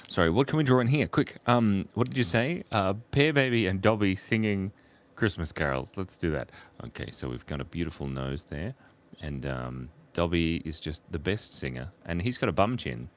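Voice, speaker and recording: An Australian man streaming live, chatting playfully with his viewers while he draws and murmuring softly as he sketches. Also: low voice. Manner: playful, reads chat aloud, murmurs softly while drawing. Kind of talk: live-stream drawing chat.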